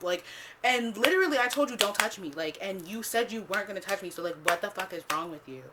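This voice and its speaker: A woman vlogger telling a casual storytime, swearing freely, filling every pause with "like" and acting out what she said back then. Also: mid-range voice, noisy background. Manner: animated, swears freely, acts out her own past lines; heavy use of "like" as filler.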